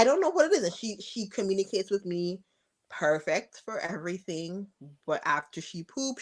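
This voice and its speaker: On a podcast, a woman talks frankly about being the mother of a toddler in casual interview storytelling. She acts out her exchanges with her daughter, switching to a high, raised voice.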